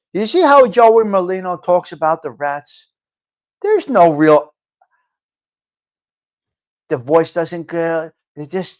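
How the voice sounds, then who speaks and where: Blunt, profane New man ranting. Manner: blunt, profane, ranting, swings from low muttering to loud outbursts. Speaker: livestream talk show host. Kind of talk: casual live-stream monologue.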